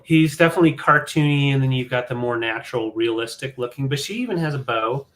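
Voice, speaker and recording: A man's voice: medium pitch, fast. Easygoing man auctioning vintage toys. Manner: relaxed, filler-heavy, auction patter. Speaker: live sale co-host. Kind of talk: casual live sale chat.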